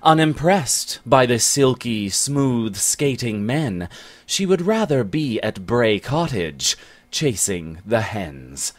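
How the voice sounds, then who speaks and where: A man narrating a comic rhyming ballad in a slow, storytelling way. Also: mid-range voice, sing-song.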